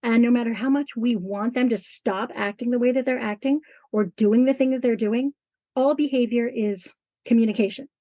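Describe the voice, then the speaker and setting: Speaking as an interview guest, a woman teacher talks earnestly and emphatically, acting out bits of classroom talk in a conversational exchange. Her voice is on the high side and mellow, at a normal speed, with no echo.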